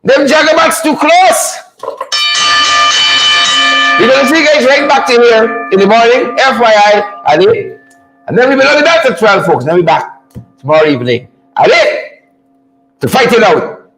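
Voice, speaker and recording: High, lively male host. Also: normal speed, long pauses, faint music behind, rough recording. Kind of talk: casual commentary show.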